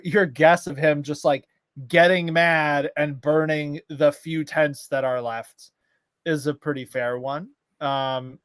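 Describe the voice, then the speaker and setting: This is a man co-hosting a laid-back chat show. His voice sits a bit high for a man. He rambles and rants freely and leans on filler words, and the sound is dry with no room echo. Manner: ranting, exasperated. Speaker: podcast co-host. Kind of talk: casual chat.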